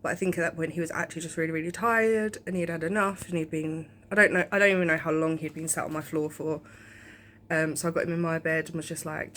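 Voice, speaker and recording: A woman's voice: fairly low pitch, brisk, a bit bright, slight background noise. A young woman chatting casually in a home vlog, rambling with lots of ums. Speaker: vlogger. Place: home, indoors.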